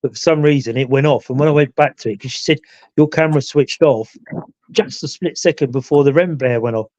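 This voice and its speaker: Speaking a little fast in a slightly high, mellow voice, a man rambles through a ghost hunt story on a live chat show, full of "you know" asides. He's a ghost hunter who regularly appears on the show. The audio has no echo, and its highs are cut off.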